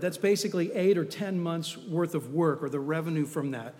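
A man's voice: on the high side, a little fast, a little mellow, in a large hall. A man preaching a sermon in a conversational, storytelling way with humorous asides.

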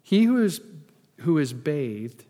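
A man's voice: a little high, big pitch swings, slow, warm tone. Preaching man in a reverberant hall. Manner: conversational preaching with asides and humor. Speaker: pastor. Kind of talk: sermon. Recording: long reverb in a large hall.

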